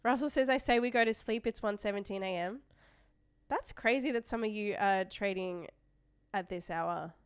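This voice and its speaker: A young woman with an Australian accent chats casually on a live stream, reading viewer comments aloud and often trailing off mid-thought before starting again. Her voice is smooth and clean. The sound is dry and close, with no room echo. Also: medium pitch, moderate pace. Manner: chatty, reads chat messages aloud, trails off and restarts. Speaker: livestream trading host.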